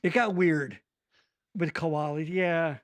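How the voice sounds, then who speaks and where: A man's voice: on the high side, slow pace. A man hosting a podcast in casual chat, joking and cursing freely. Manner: joking, profane, animated. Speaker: podcast host.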